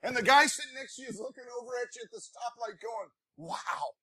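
A man preaching from the pulpit in a very high, bright, forceful voice. He talks to his congregation in a folksy, conversational way and climbs into animated shouts of praise. The sound is close and dry, with no room echo. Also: quick pace, breathy edge. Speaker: pastor. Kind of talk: sermon.

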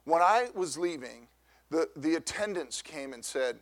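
A middle-aged man preaches, his voice sitting high for a man. He tells a personal story loudly and with animation, often restarting his sentences as he goes. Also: lively intonation, unhurried. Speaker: pastor. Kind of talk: storytelling sermon.

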